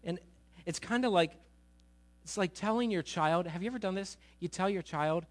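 A man preaching a sermon, conversational and animated, often asking his listeners questions. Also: sits high, moderate pace, pauses often. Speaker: pastor.

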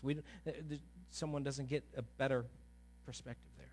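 A man preaching a sermon as a pastor, animated, acting out quoted voices, swinging from quiet to loud. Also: medium pitch, moderate pace.

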